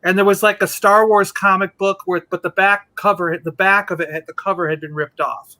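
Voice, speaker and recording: A man chatting casually on a show, telling an animated story and acting out the quotes. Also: sits high, fairly quick. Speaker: podcast co-host. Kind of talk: casual chat.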